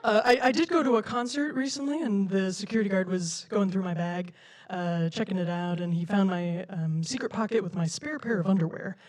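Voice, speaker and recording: Young woman stand-up from Denver, lilting and quirky, mid-pitched voice. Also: brisk, a little mellow. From Denver, USA. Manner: lilting, quirky, self-described silly way of talking. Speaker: stand-up comedian. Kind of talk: stand-up routine. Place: comedy stage before a live audience.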